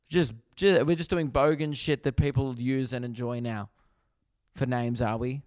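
An Australian man hosting a comedy podcast, delivering an animated, profane, exasperated rant in a monologue. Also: medium pitch, moderate pace, clear, resonant tone, no echo, clean studio sound.

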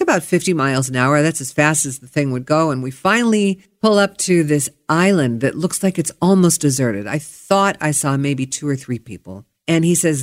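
A woman hosting a podcast, telling a travel story in a chatty, candid way with bursts of excitement. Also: sits low. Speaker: podcast host. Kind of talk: casual storytelling monologue.

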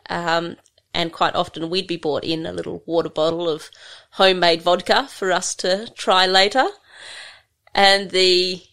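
An Australian woman, a livestock handling trainer, telling stories in a relaxed, rambling way with many fillers. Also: fairly low pitch, gravelly. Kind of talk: conversational storytelling.

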